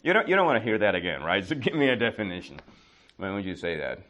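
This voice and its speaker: A man teaching idioms in an English class, joking and quizzing his students, slowing down and going quiet on the example phrases. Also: lowish voice, very animated.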